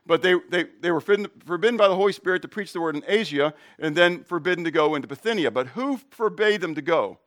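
A man's voice: sits high, lively intonation, fast talker, few pauses, fairly bright tone. A middle-aged male pastor preaching a conversational sermon, asking the congregation questions and telling jokes and personal stories.

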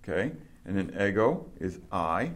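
A man's voice: low voice, big pitch swings, moderate pace. Patient man teaching a small class. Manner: patient, questioning, explains step by step. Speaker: Greek teacher. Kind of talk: classroom instruction.

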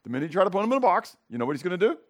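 A man teaches a relaxed Bible class, tossing questions to his students and acting out scenes for them. His voice sits a touch high and moves lively up and down in pitch. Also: rapid-fire. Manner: animated, tags "okay?" and "right?" to check the class.

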